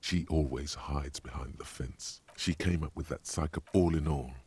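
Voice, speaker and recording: A man voicing the solemn inner voice of a detective game, speaking slowly and advising the player in the second person. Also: rumbling low, a little mellow, husky, full character voice. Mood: grave. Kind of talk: game narration.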